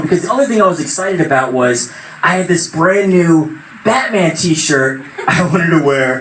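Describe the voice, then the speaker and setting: A young man telling an animated stand-up story at an open mic, now and then shouting out quoted voices. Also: high voice. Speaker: stand-up comedian. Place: small venue at open mic night. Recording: echoey room, far from mic, noisy.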